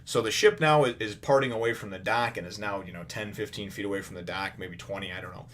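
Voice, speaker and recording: Low-voiced man rambling through a review. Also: fast talker, a bit bright. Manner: rambling, full of "you know" fillers; retells the story animatedly. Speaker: manga reviewer. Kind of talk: casual spoken review.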